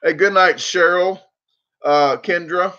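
A man's voice: sits high, steady tone, slow pace, pushed and bright, lo-fi sound. A man hosting a casual livestream, rambling and joking, repeating words for laughs. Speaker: livestream host.

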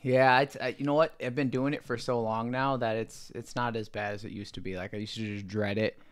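A man who is a pro fighter and a podcast guest, talking in a relaxed, matter-of-fact way. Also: fairly low pitch, a little fast, smooth, no room sound, clean studio sound. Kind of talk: casual podcast chat.

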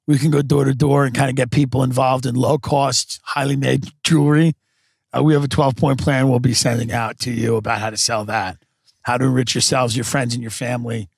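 A man hosting a podcast, rambling through a comedic mock sales pitch with many restarts. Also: vocal fry, no echo, clean studio sound. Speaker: podcast host.

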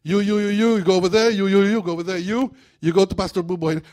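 A man voicing a male demon sergeant who loudly hands out the day's assignments in a sermon skit. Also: high-pitched, fairly even intonation, voice pushed up, natural voice. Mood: bossy. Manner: barking orders, brisk and loud. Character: bossy male demon sergeant handing out orders.

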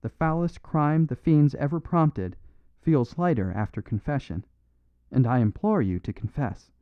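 A man's voice: medium pitch, animated, normal speed, no echo, close to an everyday voice. A man voicing a grave little priest. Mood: urgent. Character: small, quiet, sorrowful priest detective. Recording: dry phone-like narrow sound.

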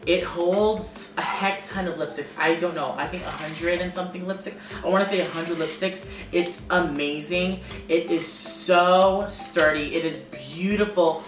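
A man in his twenties chatting to camera as a beauty vlogger, quick, sassy and emphatic. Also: high-pitched, fairly even intonation. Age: 20s. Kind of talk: casual chat to camera. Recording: echoey room, distant mic, music behind.

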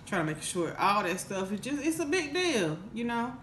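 A woman's voice: mid-range voice, very animated, normal speed, a bit bright, echoey room, a little hiss or hum. A woman vlogger telling a casual storytime, rambling and earnest with lots of restarts. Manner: rambling, with many restarts and fillers; emotional, earnest. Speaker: mukbang vlogger.

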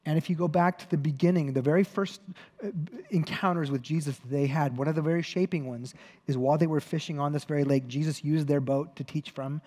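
In a church hall with long reverb, a male pastor delivers a sermon, telling a story conversationally, correcting himself and adding wry humor. His voice is fairly high, mellow and brisk, with fairly even intonation.

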